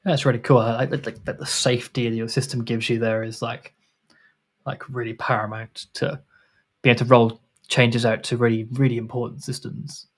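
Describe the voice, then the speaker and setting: A man's voice: mid-range voice, level tone, moderate pace. A man hosting a casual livestream chat over a video call, rambling with many restarts and fillers. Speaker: host.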